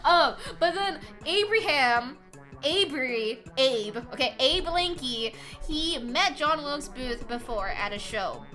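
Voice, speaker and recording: Giggly high-voiced young woman streamer. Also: animated, slow pace, sharp tone. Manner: rambling, giggly, swears often. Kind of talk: casual chat. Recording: faint music behind.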